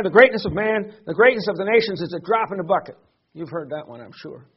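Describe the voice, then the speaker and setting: A man preaching a sermon, teaching earnestly and often pausing with fillers and repeated words. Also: high-pitched, slightly rough, dull audio.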